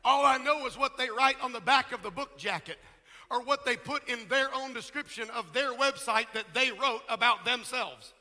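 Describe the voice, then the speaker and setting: A middle-aged man preaching a sermon as pastor, emphatic, with rhetorical questions and quieter asides. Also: very high voice, normal speed, in a large hall.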